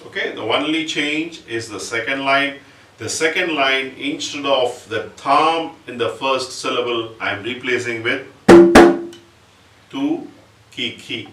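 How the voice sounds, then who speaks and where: Slow-spoken man teaching drum patterns. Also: medium pitch, recorded from a distance, over loud music. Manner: patient, explains step by step, chants drum syllables slowly. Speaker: percussion teacher. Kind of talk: music lesson with spoken syllables. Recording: roomy, from off-mic, with instrument playing.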